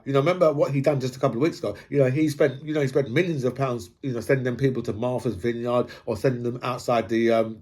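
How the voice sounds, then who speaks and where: Husky man ranting casually. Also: mid-range voice, a little mellow. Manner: rambling, swears, tags lines with "right?".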